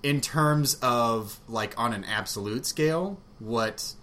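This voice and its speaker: A man in casual, frank conversation about a book, rambling with fillers and quick laughs. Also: medium pitch, fairly bright tone. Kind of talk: casual chat about books. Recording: faint background noise.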